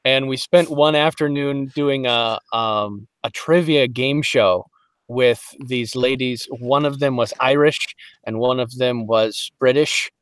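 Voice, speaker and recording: A man from Detroit, a voice actor guest on a podcast, telling lively stories in casual chat and slipping into quick voices. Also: medium pitch, smooth, no echo, clean studio sound. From Detroit, Michigan. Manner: animated storyteller, slips into quick voices.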